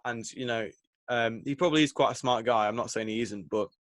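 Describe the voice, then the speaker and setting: A man's voice: mid-range voice, brisk, fairly bright tone, no room sound. A young man, co-hosting a casual podcast chat, rambling and hesitant with lots of fillers. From England. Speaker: podcast co-host.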